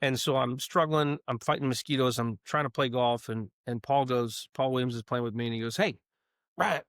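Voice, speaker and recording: A man telling a story as a guest in casual chat, lively and playful, acting out the people in it. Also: medium pitch, brisk, clean tone, no room sound, clean studio sound. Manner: animated, playful storyteller who acts out the other people in his stories.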